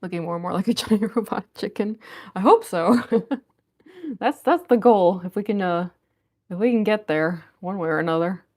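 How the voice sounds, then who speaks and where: A woman's voice: medium pitch, moderate pace, a little mellow. A woman chatting casually on a livestream, reading viewer comments aloud and giggling often. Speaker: cosplayer livestreamer.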